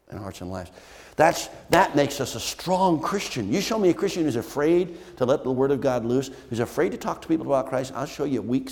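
A man's voice: medium pitch, a little mellow. A man preaching a sermon as pastor, emphatic and repetitive, firing rhetorical questions at the congregation. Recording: long church hall reverb.

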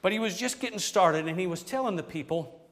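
A middle-aged preacher with a drawl, his voice sitting a little high for a man. He tells folksy stories and exclaims as he preaches, with the long echo of a church hall trailing behind each line. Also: a little fast. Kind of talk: storytelling sermon.

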